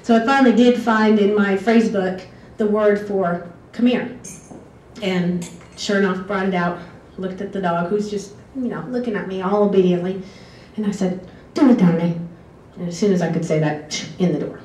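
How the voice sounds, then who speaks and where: Woman, casual storytelling, rambling and tangent-prone, mid pitch, roomy echo, mic far off. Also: steady tone, normal speed, darkish tone. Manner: chatty, goes off on tangents, laughs often. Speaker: former exchange student telling stories. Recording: echoey room, distant mic, faint background hiss.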